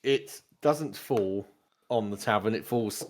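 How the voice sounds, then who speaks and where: A man narrating a tabletop game as game master, in a relaxed, rambling way. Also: lowish voice, takes it slowly.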